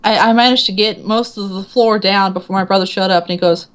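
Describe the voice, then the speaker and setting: Laughing woman author telling lively anecdotes. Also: mid-range voice, quick pace, clear, resonant tone. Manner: animated storyteller, acts out quotes, laughs often. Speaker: author guest. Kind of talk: casual interview chat.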